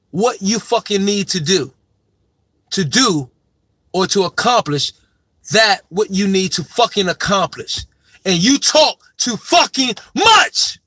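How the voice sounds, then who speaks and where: A man's voice: high-pitched, sharp tone, dry recording. A man giving a profane, emphatic sports opinion monologue, lecturing his subject and hammering his point home by repeating it. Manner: repeats his main point with heavy stress. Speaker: sports commentator.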